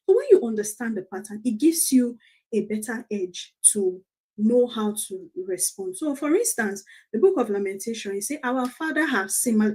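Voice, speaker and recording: A woman's voice: fairly high pitch, dark tone, slightly rough. A middle-aged Nigerian woman, a family coach, telling personal stories in a motivational talk, repeating phrases for emphasis and laughing as she goes.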